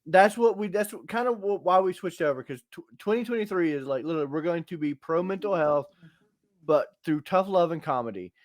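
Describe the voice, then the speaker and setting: A man's voice: fairly high pitch, expressive, brisk, no echo, clean studio sound. A man co-hosting a podcast, talking in a blunt, emphatic and profane way as he rants about tough love. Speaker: podcast co-host. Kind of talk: casual opinionated podcast chat.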